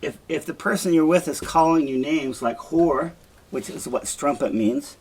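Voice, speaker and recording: A man's voice: medium pitch, moderate pace, darkish tone, husky, low-quality recording. An older man walks a class through a play in a lesson, speaking earnestly and plainly. His voice sits in a middle register. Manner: earnest explaining, quotes with feeling. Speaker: teacher. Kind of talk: literature lesson.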